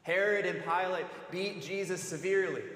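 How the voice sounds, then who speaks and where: A man's voice: sits high, steady tone, fairly bright tone. Solemn man preaching in echoing cathedral. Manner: slow, solemn, with dramatic pauses. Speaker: student ministry director. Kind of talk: Good Friday sermon reflection. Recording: echoey church hall.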